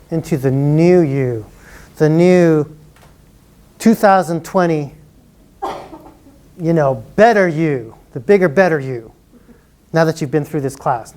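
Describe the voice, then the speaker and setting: A man's voice: fairly high pitch, darkish tone. A man presenting a live college workshop to an audience, chatty and encouraging, often laughing.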